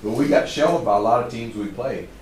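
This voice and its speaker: A middle-aged man telling stories to a live audience as a trainer, in a casual, animated way. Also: mid-range voice, fast, a little hiss or hum. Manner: casual, animated storytelling, says "man" often. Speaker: trainer speaking to a group. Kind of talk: storytelling talk to a live audience. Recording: roomy, distant mic.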